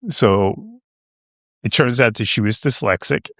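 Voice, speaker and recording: A man in his seventies from Long Island, New York, is a podcast guest telling a rambling, casual story and saying "you know" and "right?" throughout. His mid-range voice is expressive, slow and a bit bright. The recording has studio quality with no room sound.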